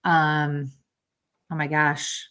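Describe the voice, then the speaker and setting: A middle-aged woman chatting as a podcast guest, talkative and quick to laugh, with a loose, swearing manner. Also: low-pitched, level tone, fairly bright tone, clear, resonant tone. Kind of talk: casual chat.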